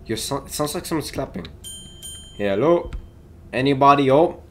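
A man's voice: medium pitch, animated, moderate pace, a bit bright, slight background noise. A young man giving jittery commentary on a horror game he is playing, talking back to it and yelping when startled. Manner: jittery, talks to the game, yelps in panic. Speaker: gaming YouTuber.

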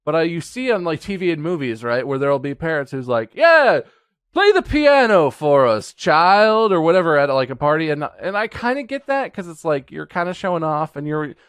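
A playful man jokes and banters on a podcast. His voice is higher than most men's and swings widely. The sound is dry, with no room echo. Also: animated, fast talker, few pauses, smooth. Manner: playful, joking. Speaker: podcast co-host. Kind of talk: casual banter.

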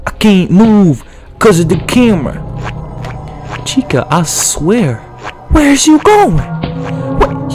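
Young man, gaming streamer, high animated voice, excitable trash talk, background music. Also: slow, pauses often. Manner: excitable, yelling orders, slangy trash talk. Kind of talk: let's play commentary.

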